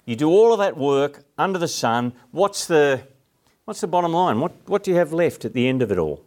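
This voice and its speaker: A man's voice: fairly high pitch, sing-song, fairly quick, a little mellow. A middle-aged Australian man giving a conversational sermon, chatty and asking his listeners questions as he explains a text. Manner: chatty, asks the audience questions, frequent restarts. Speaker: preacher.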